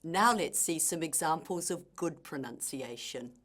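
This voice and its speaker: A woman teacher giving slow, deliberate, scripted explanations of pronunciation points. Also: low-pitched, lively intonation, fairly bright tone. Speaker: language teacher. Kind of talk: scripted instructional narration.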